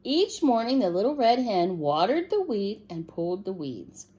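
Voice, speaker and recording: A woman reading a picture book aloud to children in a gentle, expressive way, stopping to ask the listener questions. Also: mid-range voice, normal speed, breathy edge.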